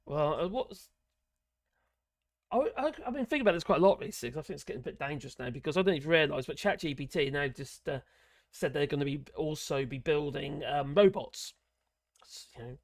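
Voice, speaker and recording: A man's voice: on the high side, expressive, a little fast, no echo, clean studio sound. A man hosting a live politics stream, rambling and blunt, swearing freely and chuckling as he talks. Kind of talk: casual live-stream commentary.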